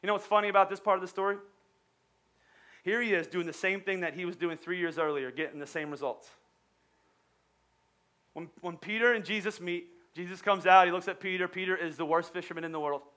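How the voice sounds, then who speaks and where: A male pastor delivering an energetic sermon in a storytelling manner, stumbling and restarting at times. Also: high-pitched, a little fast, long pauses.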